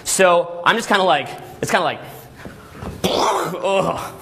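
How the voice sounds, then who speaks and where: A man coaching a live seminar in a hotel room, animated and laughing often as he acts out voices. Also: high voice, normal speed, a little hiss or hum. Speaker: dating coach running seminars.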